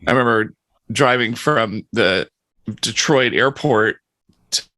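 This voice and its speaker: A man's voice: medium pitch, slow, bright, forceful tone, no echo. A man on a video call podcast, telling a rambling, enthusiastic story in casual chat. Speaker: podcast panelist.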